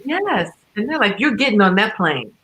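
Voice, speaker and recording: A woman's voice: medium pitch, very animated, normal speed, crowd noise. A woman singer chats over a video call. She responds to a story with emphatic, affirming reactions. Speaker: guest vocalist. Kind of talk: casual chat.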